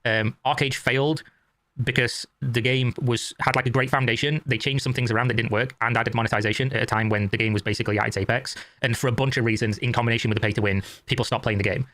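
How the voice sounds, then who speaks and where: A man's voice: medium pitch, fairly even intonation, fast talker, fairly bright tone, no echo. A man in a video that is being reacted to, giving argumentative and profane opinion commentary.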